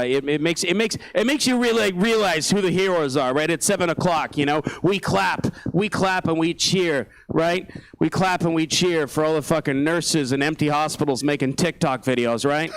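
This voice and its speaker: A man's voice: fairly high pitch, smooth, rough recording. A man doing a stand-up set on a small theatre stage, ranting angrily, swearing a lot and laughing at his own jokes. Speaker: stand-up comedian.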